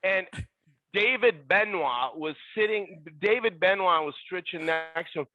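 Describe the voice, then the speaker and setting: A middle-aged former ballboy, appearing as a podcast guest, tells animated stories in a high-pitched, unhurried voice, raising it to act out other people's lines. The sound is tinny, like a phone line.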